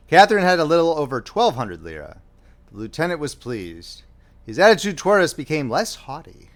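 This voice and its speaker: A man narrating a novel audiobook with a steady storytelling delivery. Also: fairly high pitch, brisk.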